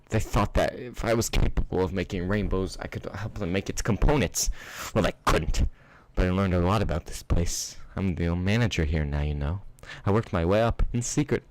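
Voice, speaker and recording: A man voicing a cruel adult female pegasus pony who runs a factory, speaking with venom and yelling in a fan-fiction reading. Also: deep voice, fairly quick, dry recording, natural voice, low-quality recording. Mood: furious. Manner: screaming, venomous.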